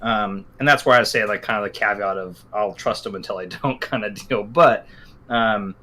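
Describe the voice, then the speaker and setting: A man's voice: fairly low pitch, normal speed, bright, forceful tone. A man in casual chat who agrees a lot and jokes about himself. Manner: agreeable, lots of backchannel, self-deprecating. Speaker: podcast co-host.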